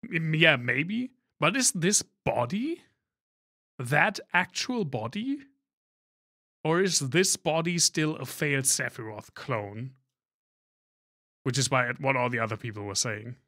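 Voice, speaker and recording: A man's voice: medium pitch, expressive, takes it slowly, pauses often, pushed and bright. A man streaming a video game, talking casually and thinking aloud, often trailing off and restarting his sentences. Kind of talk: live-stream gameplay commentary.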